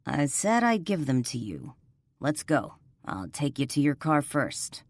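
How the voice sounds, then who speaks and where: A stern male police sergeant, low and steady, calm and patronizing, as a woman puts him on. Dry, close audiobook sound. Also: a little slow, no room sound, full character voice.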